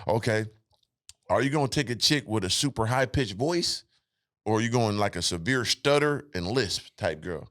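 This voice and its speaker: A man's voice: lowish voice, lively intonation, normal speed, fairly bright tone. A young man, hosting a crude, joking podcast chat. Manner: joking, profane, puts on silly voices. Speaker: podcast host. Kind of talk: crude casual banter.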